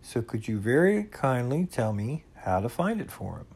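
A man voicing a simple, gentle teddy bear of little brain in a storybook reading, slow and wistful. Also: mid-range voice, sing-song, creaky, slightly rough, heavily acted. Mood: plaintive.

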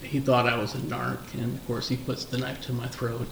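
A man, a former undercover narcotics officer, telling anecdotes in a relaxed, storytelling interview manner. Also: mid-range voice, fairly quick, gravelly. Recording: echoey room, distant mic, faint noise.

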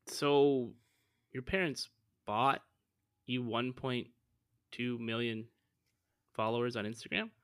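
A man's voice: mid-range voice, level tone, takes it slowly, pauses often, smooth, no room sound, studio quality. A man hosting a comedy podcast who questions his guest in an incredulous, exasperated way. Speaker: podcast host. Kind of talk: improvised comedy podcast sketch.

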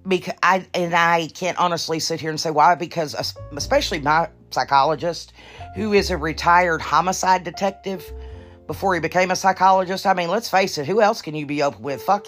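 A woman hosting her own podcast in casual chat, blunt and profane, a little nervous and halting. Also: low-pitched, fairly bright tone, soft background music. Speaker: podcast host.

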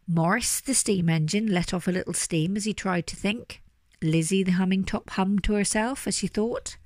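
A woman reading a children's story aloud with lively, animated delivery. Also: mid-range voice, normal speed, no room sound, clean studio sound. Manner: animated, doing character voices. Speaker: storybook reader.

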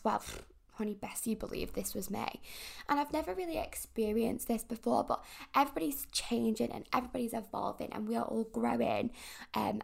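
A woman's voice: fairly high pitch, creaky. A young woman hosting a podcast, telling a personal story in a rambling, chatty way full of fillers. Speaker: podcast host. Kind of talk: casual confessional chat.

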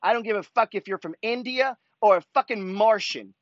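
A man with a fairly high voice delivers a pushy, profanity-laced motivational rant as a show host. The sound is dry and slightly dull. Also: a little fast, dry recording. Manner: swears constantly, pushy, fired-up. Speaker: host reading follower emails.

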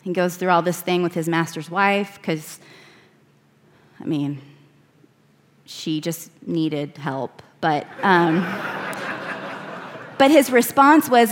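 A woman preaching, reading scripture verses aloud and slowing down to stress key words. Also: lowish voice, animated. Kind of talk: sermon.

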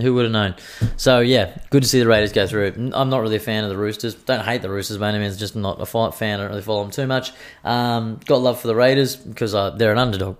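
Swearing Australian man telling stories. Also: fairly low pitch. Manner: profane, rambling and animated. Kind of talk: casual storytelling monologue.

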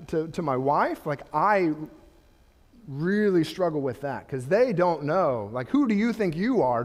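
A middle-aged man preaching in a church hall with a high, bright voice. He talks casually, then builds to fervent rhetorical questions, his words trailing into a long reverb. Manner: animated, rising to impassioned rhetorical questions. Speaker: pastor. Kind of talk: sermon.

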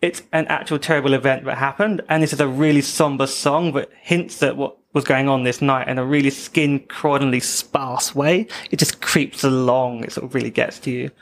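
A man's voice: mid-range voice, steady tone, normal speed, few pauses. A man hosting a podcast in casual chat, presenting his picks in an easygoing way with frequent "um"s. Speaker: podcast host.

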